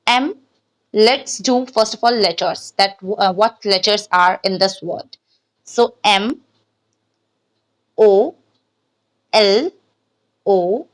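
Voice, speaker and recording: Higher-voiced woman, online language tutor, patient and repetitive delivery. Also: poor audio. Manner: repeats and restarts, frequent "okay" checks. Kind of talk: explaining to camera, mixing English and Hindi.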